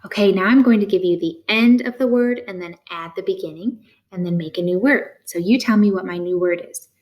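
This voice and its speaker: A woman teaching a phonics lesson to young learners. She gives slow, clear prompts, pauses for answers and offers steady praise. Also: mid-range voice.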